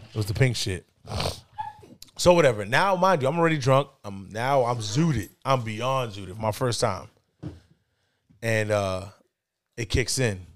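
A man casually telling a long personal story on a podcast, slangy and relaxed, getting animated when he quotes people. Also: medium pitch. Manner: laid-back, slangy, animated when quoting others. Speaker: podcast co-host. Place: indoors, podcast setting.

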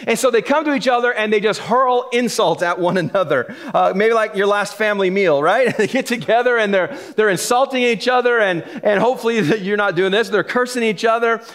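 A man's voice: high voice, fairly quick, few pauses, a bit bright. A middle-aged man preaching a sermon from the pulpit in a casual, joking way. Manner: casual and joking, laughs between points. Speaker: pastor. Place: church sanctuary.

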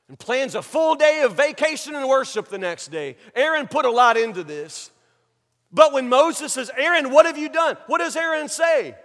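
A man preaching a sermon, dramatic, acting out people's excuses in mocking voices and dropping from loud to hushed. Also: very high-pitched. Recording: long hall reverb.

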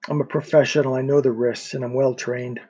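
Man voicing firm pushy agent guy, keeps pleading, husky voice. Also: medium pitch, flat delivery, a little fast, warm tone, lightly acted. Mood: insistent. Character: determined male agent, professional and insistent. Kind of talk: audiobook character voice.

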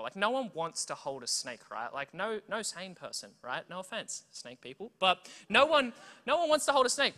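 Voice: mid-range voice, a little fast. An Australian preacher giving a sermon full of humorous stories, often checking in with the audience. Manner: animated, tells stories, keeps checking in with "right?" and "okay?". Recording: long reverb from a big hall.

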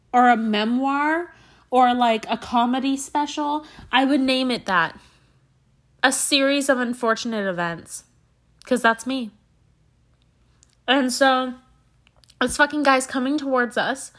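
A young woman host in a put-on mock Southern accent, telling a profane, exasperated comedic story on a solo podcast. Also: sits high. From Canada.

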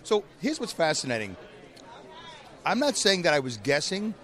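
A man's voice: on the high side, wildly swooping pitch, moderate pace, fairly bright tone. A man co-hosting a podcast in casual chat, joking and teasing his co-host. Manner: joking, teasing, self-mocking. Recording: crowd noise behind.

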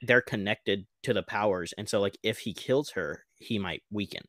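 A man's voice: on the low side, normal speed, dry recording, clean studio sound. A man co-hosting a podcast, chatting casually and animatedly about a TV episode, laughing often. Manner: animated, laughs a lot, acts out quotes. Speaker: podcast co-host. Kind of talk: casual TV recap chat.

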